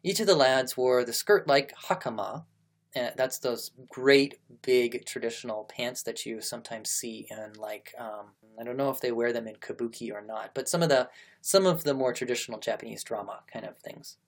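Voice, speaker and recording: A man's voice: mid-range voice, moderate pace. A man reading a historical article aloud, breaking off with chatty asides to explain terms. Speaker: reader and host.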